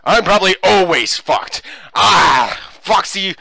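A man giving let's play commentary, excitable and swearing as he yells at the game. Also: high-pitched, slow, creaky, no room sound, poor audio.

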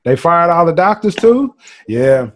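A man's voice: on the high side, very animated, unhurried, a little hiss or hum. A man hosting a casual interview podcast, mostly answering with brief agreeing interjections. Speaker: podcast host.

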